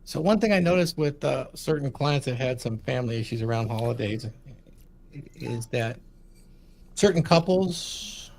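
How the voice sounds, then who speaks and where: A man, a counselor, speaking in a measured, analytical way on a casual podcast. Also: mid-range voice, expressive, vocal fry, darkish tone.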